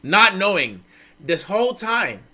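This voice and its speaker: A male streamer hosting a casual chat, telling a story in a profane, animated way. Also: sits high, a little slow. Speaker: streamer host.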